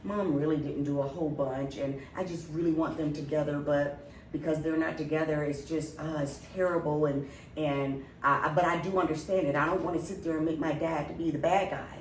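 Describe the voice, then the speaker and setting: A woman's voice: deep voice, steady tone, brisk. Storytelling woman in a roomy room. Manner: storytelling, acting out quoted lines, many restarts. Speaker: podcast co-host. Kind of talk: casual chat. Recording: roomy, distant mic, faint noise.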